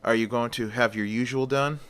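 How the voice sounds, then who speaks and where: A man's voice: mid-range voice, fairly even intonation, normal speed, fairly bright tone, smooth, natural voice. A man voicing a polite, attentive bathhouse manager. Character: courteous male bathhouse manager.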